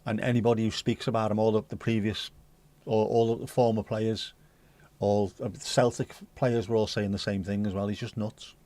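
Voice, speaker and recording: A man's voice: lowish voice, little pitch movement, fairly quick, dark tone, dry recording. A man hosting a casual pub-style livestream, chatting and joking with mild swearing and reading news bits aloud. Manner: reads news excerpts aloud conversationally. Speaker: livestream host.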